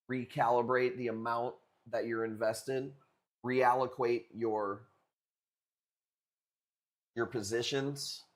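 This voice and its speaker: A young man hosting a live stream coral auction, chatting casually and cracking crude jokes with viewers. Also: medium pitch. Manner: joking, rambling, crude banter with chat.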